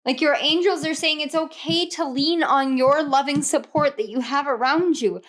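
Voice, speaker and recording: A woman's voice: high voice, normal speed. A young woman giving a casual tarot reading, emotional and gushing, laughing often as she goes. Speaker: tarot reader.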